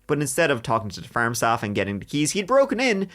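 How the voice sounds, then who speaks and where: A man hosting a true crime podcast, telling the story in a lively way with jokes along the way. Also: medium pitch, fast talker. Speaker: podcast host.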